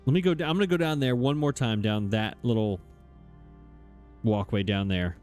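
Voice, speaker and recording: A man's voice: fairly low pitch, moderate pace, darkish tone. Guy doing lets play commentary, frustrated, muttering to himself, faint music behind. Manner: frustrated, exasperated, talks to himself. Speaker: let's play gamer. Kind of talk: gameplay commentary.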